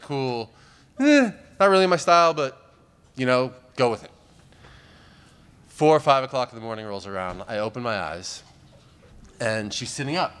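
A man's voice: mid-range voice, fairly bright tone, clean tone. A man doing stand-up comedy, telling a long story in a rambling, wry way with many fillers.

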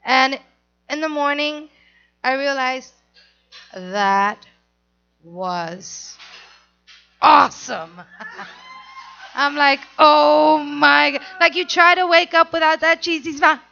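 A woman telling a candid personal story in an animated, confessional way, on a dull lo-fi recording. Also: high voice, slow pace, pauses often, soft background music.

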